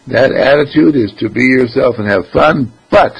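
A man speaking as a spiritual teacher in a relaxed, conversational way, with lots of rhetorical questions and asides. His voice is gravelly and a little husky, sitting at a middle pitch for a man. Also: moderate pace, lo-fi sound. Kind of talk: informal spiritual talk.

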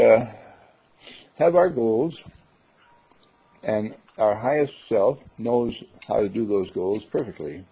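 A man's voice: mid-range voice, vocal fry, slightly rough. A man giving a rambling, folksy spiritual talk, acting out the quotes he tells. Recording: dull lo-fi recording.

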